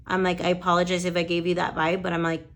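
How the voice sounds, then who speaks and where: A woman's voice: fairly low pitch, little pitch movement, fast, a bit bright. A woman lash artist telling a story in casual chat, swearing freely and quoting conversations with "I'm like".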